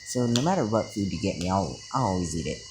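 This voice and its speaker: A cheerful teenage girl with a sweet tooth, as a man puts her on, only slightly lifted from his deep voice, quick and halting. Crickets chirp loudly throughout. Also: big pitch swings, background noise. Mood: eager. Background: crickets and insects.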